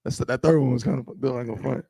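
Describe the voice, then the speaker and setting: A man's voice: mid-range voice, very fast, creaky. A man co-hosting a casual podcast, bantering and laughing often. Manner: laughs often, animated and teasing. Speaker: podcast co-host.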